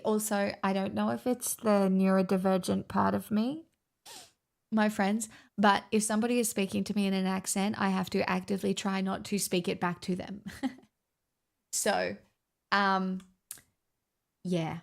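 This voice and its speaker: Aussie girl streaming, bit of american in the vowels, gravelly voice, rambly and sweary. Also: medium pitch, flat delivery, unhurried, long pauses. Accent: Australian, slightly Americanised. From Australia. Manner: rambling, swears, filler-heavy. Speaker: livestreamer. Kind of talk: casual livestream chat.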